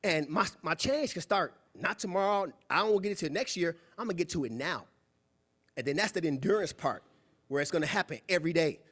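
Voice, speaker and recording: A young man giving a preachy, animated motivational talk at a club meeting, acting out quoted voices. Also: a little high, fairly quick. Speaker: guest speaker. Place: meeting room.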